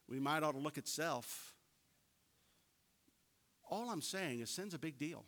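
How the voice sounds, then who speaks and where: Bright-voiced preacher in a hall. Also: male voice, a little high, lively intonation, normal speed, pauses often. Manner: folksy storytelling preacher, rising to emphatic peaks. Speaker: pastor. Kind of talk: sermon. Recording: long hall reverb.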